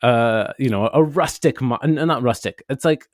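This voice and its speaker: A man with a medium-pitched voice and moderate pace co-hosts a podcast, rambling casually through a story with occasional swearing. The audio is studio quality with no echo.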